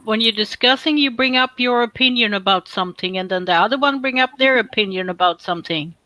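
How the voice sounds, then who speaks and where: A chatty woman co-hosting a livestream, her voice pitched a little high and very bright. She talks in a relaxed, teasing way with her friends. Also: quick pace, a little hiss or hum, rough recording. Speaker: co-host of a woodworking livestream. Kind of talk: casual live chat.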